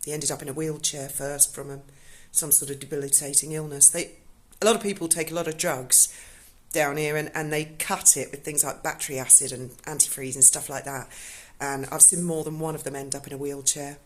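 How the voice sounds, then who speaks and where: A woman tells a personal story in a casual, unscripted way. Her voice sits low, and her delivery is blunt and emotional, with free swearing. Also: flat delivery, a little fast, few pauses. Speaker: vlogger telling a personal story.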